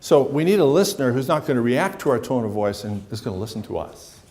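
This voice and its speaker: A man's voice: medium pitch, animated, quick pace, darkish tone. A middle-aged man, a psychologist leading a seminar, talking casually to a room and acting out little stories. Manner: conversational, acts out dialogue with anecdotes. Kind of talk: seminar lecture to a live room.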